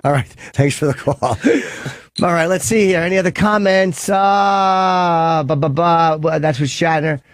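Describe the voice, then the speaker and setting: A man's voice: on the high side, measured pace, dry recording. A man hosting a radio show and taking calls, talking in a rambling, crude way that keeps breaking off and restarting. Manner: rambling, self-interrupting, crude. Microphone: studio microphone.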